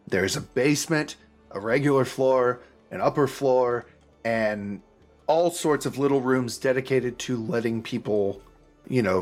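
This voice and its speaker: Casting: relaxed male game master, slow measured narration, hesitant restarts. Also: mid-range voice.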